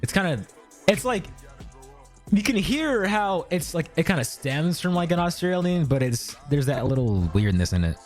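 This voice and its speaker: Animated man on a casual podcast. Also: fairly high pitch, moderate pace, soft background music. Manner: animated, crude jokes. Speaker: podcast co-host.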